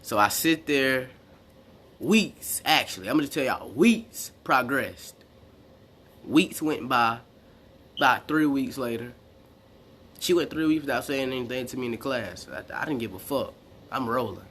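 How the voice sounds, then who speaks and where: A man's voice: medium pitch, unhurried, long pauses, fairly bright tone, slight background noise. A young man rambling casually through a personal story, full of slang and restarts. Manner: rambling, slangy, retells exchanges in quotes. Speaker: vlogger.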